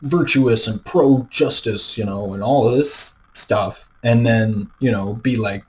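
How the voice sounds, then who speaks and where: A man's voice: on the low side, slow, few pauses, darkish tone, poor audio. A man ranting straight to his own camera in a loose, rambling way, full of fillers and restarts. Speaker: video creator. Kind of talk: unscripted rant to camera. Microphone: camera mic, self-filmed.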